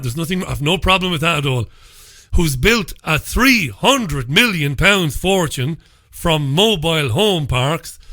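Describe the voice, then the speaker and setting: Man, fairly high-pitched, bright voice, mocking and profane, dry studio mic, solo talk commentary. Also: dry recording. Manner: sarcastic and mocking, laughs at his own stories; blunt and profane. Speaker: radio talk show host. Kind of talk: solo commentary reviewing newspapers.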